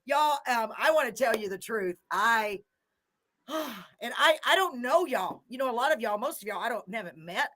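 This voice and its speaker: A woman's voice: a little high, expressive, normal speed, fairly bright tone. A middle-aged woman hosting a live show, effusive and chatty, laughing often. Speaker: host. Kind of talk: casual live show chat.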